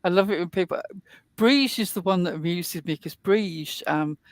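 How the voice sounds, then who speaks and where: A woman's voice: fairly low pitch, normal speed, no echo, studio quality. A woman hosting a casual online talk show, chatting at length in a rambling way with plenty of fillers. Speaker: host. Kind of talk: casual podcast chat.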